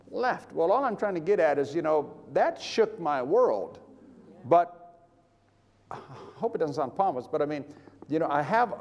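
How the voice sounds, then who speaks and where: Older guy preaching, storytelling, voice a bit high for a man, lots of chuckles, long hall reverb. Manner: storytelling, animated, acts out voices, chuckles often. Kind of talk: sermon testimony.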